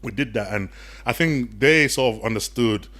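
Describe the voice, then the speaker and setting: A man's voice: medium pitch, moderate pace. A young man, a podcast guest, telling his story in casual chat and acting out the voices of people he quotes. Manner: animated, acts out quoted voices.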